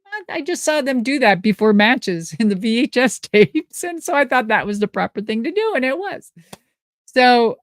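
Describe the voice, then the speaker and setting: A woman's voice: on the high side, moderate pace, no echo. Woman from minnesota telling stories, swears a lot, laughs a bunch, dry close sound. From Minnesota, USA. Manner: lively, profane, laughs often. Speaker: guest answering live questions. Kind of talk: casual storytelling.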